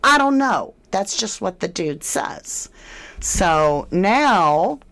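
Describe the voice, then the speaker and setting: A woman's voice: medium pitch, big pitch swings, extremely slow, fairly bright tone. Casting: woman, true crime livestream host, chatty and emphatic with a snarky edge, mid-range voice. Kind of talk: casual livestream chat reading comments.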